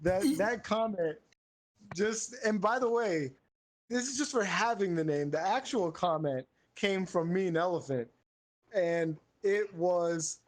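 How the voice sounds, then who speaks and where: Male improv host, high voice, tired but playful, mock-grandiose when scoring. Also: slow pace. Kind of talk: casual online improv chat.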